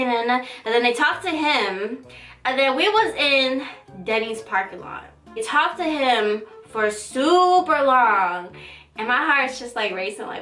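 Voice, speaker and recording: A woman's voice: reverberant, soft background music. A young woman vlogger telling a story in a casual, slangy, dramatic way. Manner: animated, slangy, dramatic retelling with quick pitch jumps.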